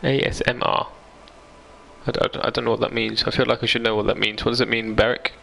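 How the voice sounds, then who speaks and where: A man's voice: mid-range voice, level tone, fast talker, creaky, pushed and bright, slight background noise, low-quality recording. A young man streaming a game live, chatting casually, reading viewer comments aloud and laughing easily. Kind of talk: casual live-stream chat over gameplay. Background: game music.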